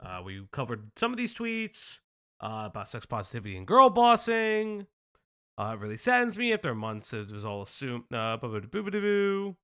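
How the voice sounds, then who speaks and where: A young man hosting a casual live stream, reading news aloud with animated, profane joking asides. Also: mid-range voice, moderate pace, smooth. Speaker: stream host.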